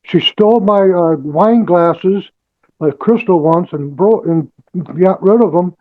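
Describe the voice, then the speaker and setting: A man defending himself at a court hearing, defiant and halting, full of restarts. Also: high voice, phone-quality sound. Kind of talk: testifying in court.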